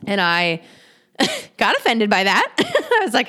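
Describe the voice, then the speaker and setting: A young woman telling personal stories in a candid, casual monologue, swearing freely and leaping high in pitch when she quotes herself. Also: huge pitch swings, normal speed, a bit bright. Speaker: podcaster sharing personal stories. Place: home in Chicago.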